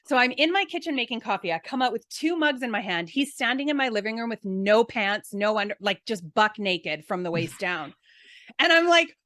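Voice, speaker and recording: Woman podcast guest, bright tone, dry sound, animated storyteller. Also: mid-range voice, a little fast, few pauses, no echo. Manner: animated storyteller, acts out quotes. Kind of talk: casual chat.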